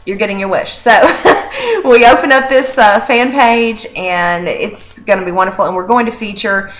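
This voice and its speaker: A woman's voice: medium pitch, normal speed, fairly bright tone, slight background noise. A woman hosting a casual video update for an animal sanctuary, talking in an earnest, chatty way with many fillers and restarts. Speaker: animal sanctuary director and host.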